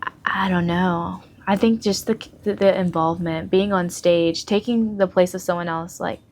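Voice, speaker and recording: A woman's voice: lowish voice, steady tone, moderate pace, darkish tone, slight background noise. Giggly young woman chatting as a guest. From Mississippi Gulf Coast. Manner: chatty, giggly, lots of fillers. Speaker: guest, local news reporter. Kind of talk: casual podcast interview.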